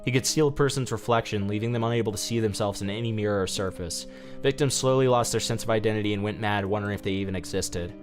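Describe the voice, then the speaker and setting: Man reading a fan story aloud, casual streamer, lowish voice, faint music behind. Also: fast. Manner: casual, with asides and restarts.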